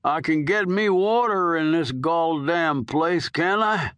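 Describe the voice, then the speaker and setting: A man's voice: a little high, slow, fairly bright tone, smooth, dry recording, voice pushed up. A man doing a crude old convict. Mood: bitter. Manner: coarse, drawling, wheedling then demanding. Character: dying old male prisoner, crude, pushy, foul-mouthed.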